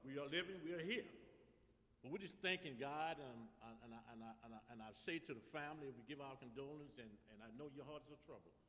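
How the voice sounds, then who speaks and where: A man with a New Orleans accent, a reverend speaking at a funeral, stumbling at first and then building into fervent, shouted preaching. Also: medium pitch. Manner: halting restarts, then rising to fervent shouted exhortation. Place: church funeral service. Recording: long reverb in a large church.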